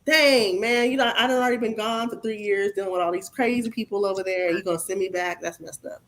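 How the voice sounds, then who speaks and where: A woman's voice: medium pitch, quick pace, a bit bright. A woman co-hosting a casual book club chat, retelling scenes in a wry, laid-back way.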